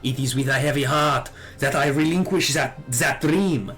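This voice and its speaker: A man's voice: mid-range voice, moderate pace, fairly bright tone, faint music behind, voice pushed up, lightly acted. A man voicing a proud, wrathful young dragoon in a put-on French accent, declaiming accusations while reading game dialogue aloud. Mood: bitter.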